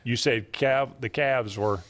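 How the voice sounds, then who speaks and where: A man hosts a laid-back sports talk radio show, speaking slowly at a middle pitch. He banters with his co-host and often hesitates over fillers. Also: fairly bright tone. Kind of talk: casual sports talk chat.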